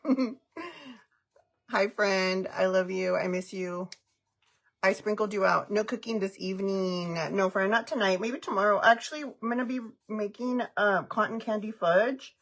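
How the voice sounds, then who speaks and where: Middle-aged lady doing her makeup live, chatty and giggly, bit of gravel in her voice, tosses in spanish words. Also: mid-range voice, fairly even intonation, moderate pace, fairly bright tone. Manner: chatty, giggly, greets viewers by name; mixes Spanish phrases into English. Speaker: livestreaming makeup vlogger. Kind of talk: casual live-stream chat.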